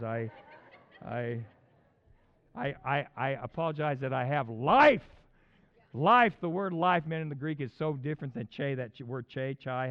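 A man preaching a casual, animated sermon that swings from quiet talk to loud, excited peaks. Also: medium pitch. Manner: animated, conversational preaching with sudden loud peaks and acted voices. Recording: dull lo-fi recording.

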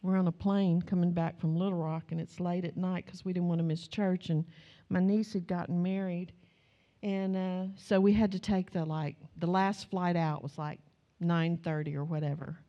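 A middle-aged woman pastor, preaching a sermon with stories, swinging from low asides to loud exclamations. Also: fairly even intonation, normal speed, lo-fi sound. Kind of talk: sermon with storytelling.

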